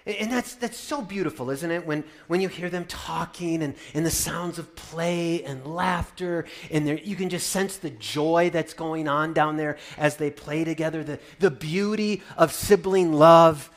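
Male pastor, slow delivery, fairly high voice, dramatic swings from loud to hushed, wry humor. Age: adult parent. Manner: wry, playful storytelling. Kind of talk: sermon.

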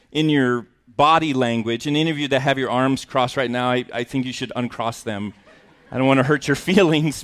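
A man's voice: a little high, a bit bright. A middle-aged male pastor preaching a sermon, earnest and emotional, with self-mocking humor.

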